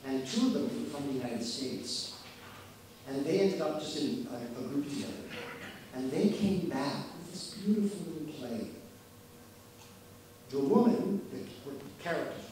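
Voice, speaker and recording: A man's voice: a little high, a little mellow. A Canadian man giving a conference keynote, telling stories with emphasis and acting out the voices of people he quotes. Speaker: keynote speaker. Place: conference hall. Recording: echoey hall, distant mic, faint background noise.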